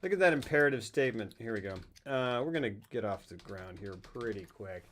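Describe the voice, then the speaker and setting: Streamer host, male; lively rambling chat with a wide pitch swing. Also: fairly quick. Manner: rambling, jokey, animated. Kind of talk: casual chat over gameplay.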